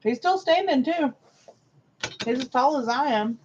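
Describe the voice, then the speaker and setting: A woman's voice: high voice, animated, unhurried, a little mellow. Chatty giggly woman off to the side. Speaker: host's wife, off-camera co-host. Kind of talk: casual chat. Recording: dull lo-fi audio with faint noise.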